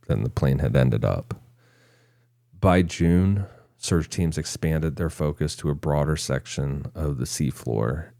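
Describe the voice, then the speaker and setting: A man's voice: rumbling low, vocal fry, no echo, clean studio sound. A man co-hosting a casual podcast, reading from research notes and chuckling now and then. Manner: reads notes in long stretches, breaking into chuckles. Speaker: podcast co-host.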